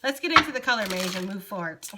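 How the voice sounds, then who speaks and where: A woman's voice: medium pitch, animated, fast talker, very noisy. A young woman giving a casual, chatty tarot reading and talking straight to her viewers. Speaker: tarot reader.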